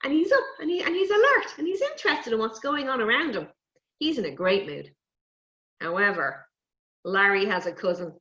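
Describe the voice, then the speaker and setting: A woman presenting a lively lesson on animal safety to young children, coaxing them and talking to toy animals. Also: a little high, moderate pace. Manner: animated, coaxing, talks to puppets and kids. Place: indoors, recorded for an online event. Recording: dull, roomy live stream audio.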